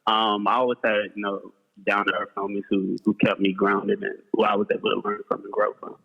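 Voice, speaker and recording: A man's voice: on the low side, level tone, brisk, creaky, dull audio. A man calling in as a guest for casual chat, laid-back and slangy, often repeating words as he gets going. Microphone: call-in remote audio.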